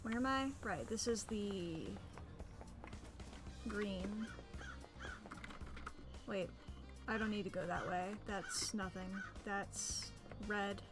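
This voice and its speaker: A woman streams a game with casual, playful commentary, thinking aloud and humming silly noises. Her medium-pitched voice moves slowly, with long pauses, and game music plays behind her.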